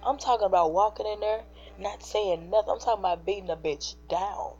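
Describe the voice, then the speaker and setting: A woman's voice: mid-range voice, fairly quick, a little mellow, breathy edge. A woman, teary-eyed and earnest, hosting a livestream to encourage her viewers. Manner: earnest, preachy, speaks to chat directly. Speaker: livestream host. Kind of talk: emotional encouraging livestream chat. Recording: dull lo-fi livestream audio with faint hum.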